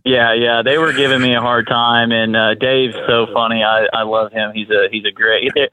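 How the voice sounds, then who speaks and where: A man being interviewed as a guest angler, talking in a relaxed, rambling way with many restarts. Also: mid-range voice, normal speed, dry recording. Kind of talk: casual interview. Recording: tinny phone line.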